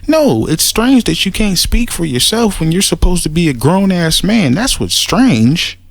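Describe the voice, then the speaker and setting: A man's voice: sits high, sing-song, gravelly, no echo. A man ranting casually in a response video, blunt and profane, stumbling over restarts when heated. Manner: halting restarts, repeats words when agitated. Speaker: commentator making a response video. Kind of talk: casual spoken rant.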